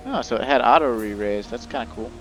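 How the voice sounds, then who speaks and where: A man's voice: medium pitch, fast talker, a bit bright. A man casually talking over his gameplay as a let's play host, rambling with lots of fillers and the odd swear. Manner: rambling, profane, filler-heavy. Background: game music.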